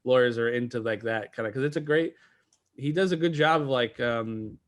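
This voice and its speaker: New dude on a podcast, rambly, lots of likes and ums, mid pitch. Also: male voice, moderate pace. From New York. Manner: rambling, many fillers and restarts. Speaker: podcast co-host. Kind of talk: casual chat.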